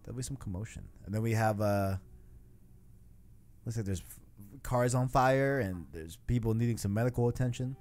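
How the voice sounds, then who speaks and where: A man's voice: mid-range voice, moderate pace, a little mellow, soft background music. Rambling, laughing male podcast host. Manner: rambling, self-deprecating, laughs often. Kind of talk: casual podcast chat reading a comic aloud.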